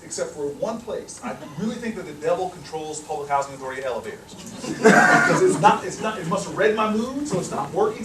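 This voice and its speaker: A man, a politician, telling a humorous story to a live audience, animated and acting out the voices of the people in it. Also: sits high, background noise. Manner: animated, acts out the voices of people in his stories. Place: hall with a live, laughing audience. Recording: echoey hall, mic at a distance.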